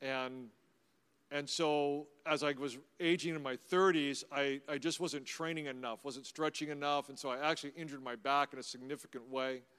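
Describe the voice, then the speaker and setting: A middle-aged pastor with a smooth, mid-range voice tells personal stories in a sermon, keeping a steady tone and moderate pace. He is conversational, anecdotal and warmly humorous, and the recording has the long reverb of a large hall.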